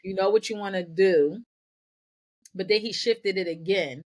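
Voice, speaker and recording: A woman guest on a podcast, telling her own story in energetic bursts and often repeating words as she goes. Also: medium pitch, unhurried. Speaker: podcast guest, nonprofit founder. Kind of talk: candid personal storytelling.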